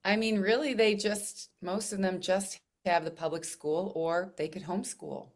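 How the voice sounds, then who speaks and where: A woman's voice: on the low side, fairly even intonation, moderate pace. A woman running for state office, answering interview questions in an earnest, plain-spoken way. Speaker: candidate for state senate. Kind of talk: interview guest.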